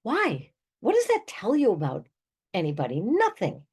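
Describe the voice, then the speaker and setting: A woman's voice: medium pitch, wildly swooping pitch, normal speed, darkish tone, slightly rough. An older woman, a therapist hosting her own show, giving emphatic, conversational advice straight to listeners with little laughs between points. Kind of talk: direct-to-listener advice monologue.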